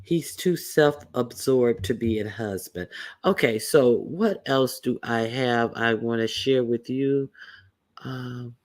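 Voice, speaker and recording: A man's voice: medium pitch, takes it slowly. A man hosting a casual livestream, talking loosely with many fillers and restarts. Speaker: livestream host.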